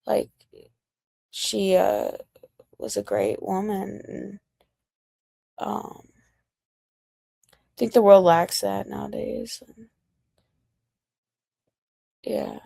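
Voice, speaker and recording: A woman's voice: mid-range voice, steady tone, extremely slow, gravelly, pauses often, dark tone, no echo. Profane, rambling American woman streamer. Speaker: livestreamer. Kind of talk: casual livestream rant.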